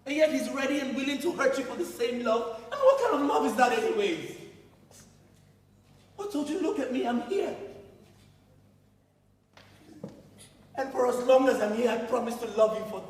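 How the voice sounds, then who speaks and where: A man's voice: extremely high pitch, expressive, a little fast. A man in his twenties with a Nigerian accent, acting in a stage drama as a young man pleading with his fiancée, emphatic and often laughing. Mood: earnest. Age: 20s. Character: Nigerian man, passionate, loving, frustrated. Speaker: stage actor. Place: theater stage. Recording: echoey hall from far off, audience.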